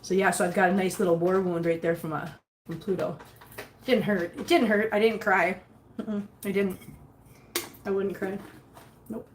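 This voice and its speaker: A woman's voice: medium pitch, steady tone, moderate pace, pauses often, slight background noise. A middle-aged woman chatting casually on a livestream and cooing baby talk to her cats. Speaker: vlogger reading live chat.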